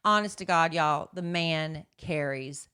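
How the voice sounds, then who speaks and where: A woman with a low voice co-hosts a podcast and keeps chiming in with teasing, wry remarks. The talk is casual and relaxed. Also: unhurried, clean tone. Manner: teasing, chimes in with wry comments. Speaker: podcast co-host. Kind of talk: casual chat. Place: podcast studio.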